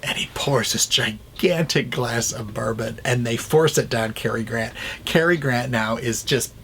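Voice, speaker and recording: A man's voice: mid-range voice, measured pace, fairly bright tone, a little hiss or hum. A man reviewing a classic film in a chatty way, retelling scenes and acting out the lines.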